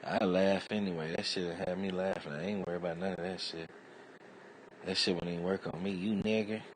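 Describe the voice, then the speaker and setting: A man hosting a livestream, telling stories in a profane, rambling way and acting out other people's voices loudly. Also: low voice, little pitch movement, brisk, a little hiss or hum, low-quality recording. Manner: acts out quoted voices loudly. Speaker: livestream host. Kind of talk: casual livestream chat.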